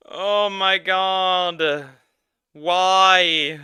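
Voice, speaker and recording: A man streaming as a VTuber, reacting live with loud laughter and shocked exclamations. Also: a little high, unhurried, clean tone, no room sound.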